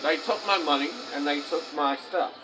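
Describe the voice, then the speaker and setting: A man reading his own dark poetry, then chatting in a rambling, apologetic way, talking with his mouth full at a fast-food restaurant. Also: a little high, background noise. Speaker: vlogger and self-published poet. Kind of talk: poetry reading then casual vlog chat.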